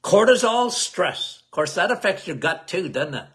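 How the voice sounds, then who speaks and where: A man hosting a health podcast in a casual talk, loud and emphatic, repeating key phrases and calling listeners guys. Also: very animated, normal speed. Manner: loud, emphatic, cannot lower his volume.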